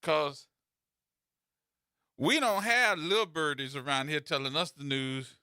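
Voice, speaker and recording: A man's voice: a little high, a little slow, pauses often, pushed and bright, clear, resonant tone, no room sound, clean studio sound. A man hosting a radio talk show, teasing and telling stories in a playful way.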